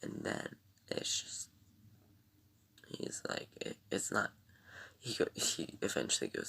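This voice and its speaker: A man's voice: a bass voice, wildly swooping pitch, takes it slowly, creaky, pauses often, bright, forceful tone, slightly rough. A man reviewing a TV episode in casual, rambling chat, full of ums and sighs.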